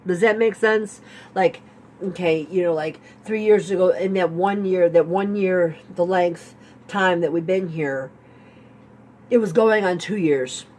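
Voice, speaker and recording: A woman's voice: lowish voice, unhurried, a little mellow. A woman vlogger telling a personal story in a rambling, repetitive way, full of "like" and "you know.". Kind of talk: storytime vlog.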